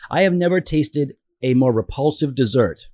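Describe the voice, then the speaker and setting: A man in his forties telling stories in a loose, joking chat. His pitch swings widely as he acts out scenes and teases his co-host. The sound is close and dry. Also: normal speed, no echo. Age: 40s. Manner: animated storyteller, teasing, acts out his own shouting. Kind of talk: casual chat.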